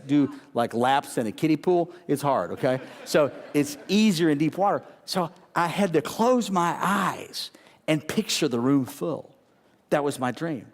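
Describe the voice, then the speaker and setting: A man preaching a sermon as a pastor, animated and repetitive, calling on the congregation to answer. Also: a little high, in a large hall.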